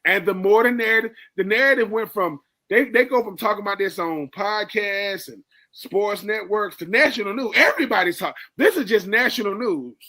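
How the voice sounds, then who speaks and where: A man's voice: high-pitched, fairly quick, few pauses, pushed and bright. A man co-hosting a sports radio show, giving emphatic analysis, repeating words for stress and talking straight to his partner. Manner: talks straight to his co-host.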